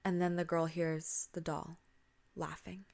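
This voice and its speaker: A woman's voice: fairly low pitch, moderate pace. Woman casually retelling spooky stories. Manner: casual, conversational with fillers. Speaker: podcast host.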